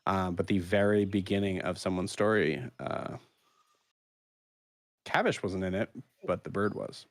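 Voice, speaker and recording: A man running a tabletop role-playing game as game master, narrating with many pauses and restarts. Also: deep voice, no room sound. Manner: halting, many ums and restarts.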